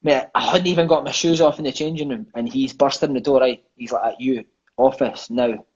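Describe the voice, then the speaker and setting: A man's voice: mid-range voice, quick pace, husky. A Scottish man telling stories as an interview guest over a phone on a live video call. He swears freely and says "mate" constantly. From Scotland. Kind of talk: storytelling in casual chat. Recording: dull lo-fi phone audio.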